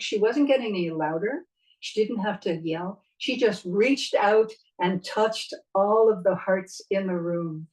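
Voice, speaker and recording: A middle-aged woman voice coach giving a spoken lesson, expressive and demonstrating vocal techniques as she talks. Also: medium pitch, far from the mic, rough recording.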